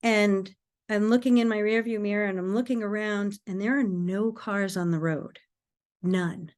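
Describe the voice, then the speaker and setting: A woman, a podcast guest, telling a personal story in an earnest, animated way. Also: medium pitch, normal speed.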